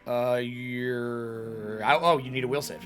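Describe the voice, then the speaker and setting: A man's voice: mid-range voice, steady tone, takes it slowly, faint music behind. A man narrating as game master of a tabletop game, talking casually and swearing freely.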